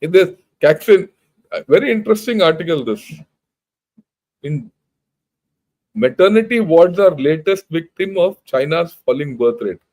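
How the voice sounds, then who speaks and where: A fairly high, slightly mellow voice with lively intonation speaks unhurriedly and pauses often, on a rough recording. The older man, a retired army general with an Indian English accent, gives an informal lecture, emphatic and blunt, full of rhetorical questions.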